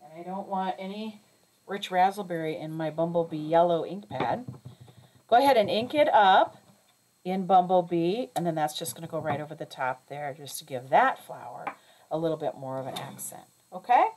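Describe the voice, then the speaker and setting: A woman's voice: fairly low pitch, expressive, normal speed, darkish tone, slight background noise. A woman teaching a craft lesson step by step, chatty, often checking in with "okay?" and correcting herself as she goes. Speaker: crafting instructor.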